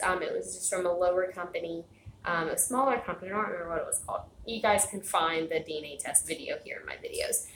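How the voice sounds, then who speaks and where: A woman's voice: on the low side, fairly bright tone, reverberant, a little hiss or hum, rough recording. A woman chatting casually to her viewers at home, rambling with lots of fillers and restarts. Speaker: vlogger. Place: home, indoors. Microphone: phone camera.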